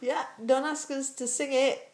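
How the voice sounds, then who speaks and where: A woman's voice: high-pitched, steady tone, unhurried, a little mellow. A woman co-hosting a podcast in casual chat, giving short, mumbled answers. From Newcastle, England. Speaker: podcast co-host.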